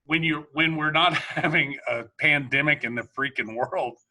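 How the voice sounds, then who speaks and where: Bright-voiced man telling a rambling story. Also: fairly high pitch, normal speed. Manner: rambling storyteller, many restarts. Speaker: podcast host. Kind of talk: casual conversation.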